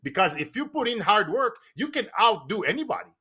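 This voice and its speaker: A man from Brazil with a Brazilian accent, a podcast guest telling stories in an animated, emphatic way and often laughing. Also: sits high, fairly quick, slightly rough. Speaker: podcast guest, business coach. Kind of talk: casual storytelling conversation.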